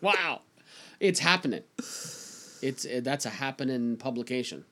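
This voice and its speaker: A man's voice: mid-range voice, expressive, unhurried, a bit bright. A man from Canada co-hosting a casual talk podcast, reading out news stories and joking about them with frequent laughter. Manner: reads news aloud and riffs on it, laughing often. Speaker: podcast co-host. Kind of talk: casual chat.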